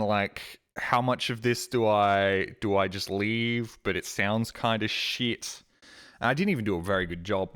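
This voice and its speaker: A man's voice: fairly low pitch, a bit bright, smooth. A man chatting casually on a live stream, rambling and swearing with a self-deprecating edge, talking from a desk mic at home.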